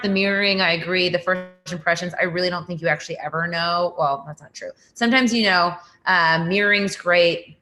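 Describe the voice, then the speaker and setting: A woman's voice: on the low side, sharp tone. A woman speaking as a workshop guest, giving advice casually and peppering her talk with "like". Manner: casual, many fillers like "like".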